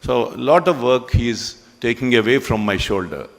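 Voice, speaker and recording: A man giving a ceremony speech in a hall, conversational and halting with frequent pauses. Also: medium pitch, animated. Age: 60s. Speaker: business owner speaking at a ceremony.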